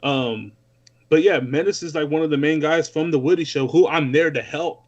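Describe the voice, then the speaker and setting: A man's voice: on the high side, normal speed, a little mellow. A man from Newark, California, guesting on a podcast by remote call, telling stories in a laid-back, slangy way. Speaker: guest music producer. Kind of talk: casual podcast chat. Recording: muffled lo-fi call-in audio.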